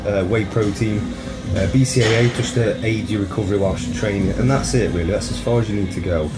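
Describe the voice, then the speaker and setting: Deep-voiced man explaining fitness, music underneath. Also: fast talker. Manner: earnest, explanatory. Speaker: interview guest, fitness expert. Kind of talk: interview.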